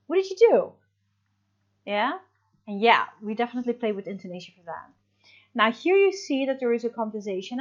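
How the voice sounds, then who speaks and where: A woman teaches a recorded English lesson at a medium pitch, explaining things in a loose, chatty way with plenty of fillers. The audio is dull and lo-fi, like a simple home video recording.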